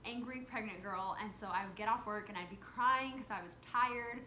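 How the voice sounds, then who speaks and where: A woman's voice: mid-range voice, normal speed. A young woman telling a personal story in a casual, chatty way, peppering her speech with "like". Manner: chatty, animated, heavy use of "like". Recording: echoey room with faint background hum.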